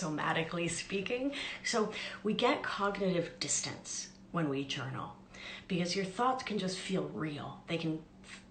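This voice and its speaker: Chatty upbeat woman coaching on a live stream. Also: low voice. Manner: chatty, upbeat, self-deprecating asides. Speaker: life coach and podcast host. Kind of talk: casual live-stream teaching. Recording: echoey room with faint background noise.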